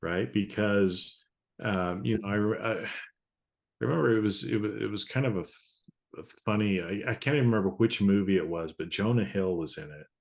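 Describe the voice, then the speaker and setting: A man's voice: fairly low pitch, gravelly. A man hosting a podcast, talking casually and stopping often to restart his sentences. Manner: rambling, halting, restarts sentences. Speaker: podcast host. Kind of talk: casual conversation.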